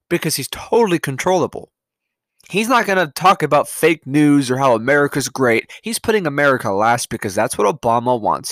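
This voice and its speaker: Animated ranting man, bright voice. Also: on the high side, dry recording. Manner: profane, ranting, rambling with frequent digressions. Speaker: podcast host. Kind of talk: solo political rant monologue.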